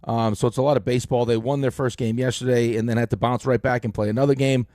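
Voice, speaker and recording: A middle-aged man hosting a sports radio show, telling stories in an animated way with lots of fillers, on a close studio mic. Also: mid-range voice, quick pace, no echo. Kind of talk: casual sports talk.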